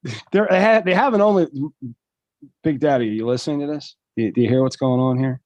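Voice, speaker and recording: A man co-hosting a casual podcast chat, rambling and excitable, full of restarts. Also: mid-range voice, fast, dry recording, highs cut off. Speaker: podcast co-host.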